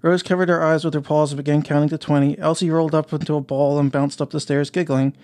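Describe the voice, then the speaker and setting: A man narrating an audiobook in a plain, steady reading style. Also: on the high side, quick pace.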